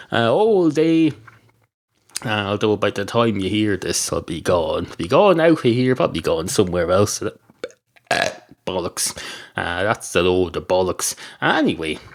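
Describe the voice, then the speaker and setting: An Irish man hosting a podcast from his small spare bedroom, delivering a rambling, self-mocking comedy monologue full of ums and uhs. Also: lowish voice. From Ireland. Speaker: podcast host.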